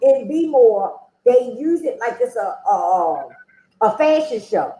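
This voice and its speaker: A woman's voice: a little high, very animated, slow pace, mellow. Frank woman, echoey room. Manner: frank, conversational, with frequent "you know". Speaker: interview guest. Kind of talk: candid personal storytelling. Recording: roomy echo.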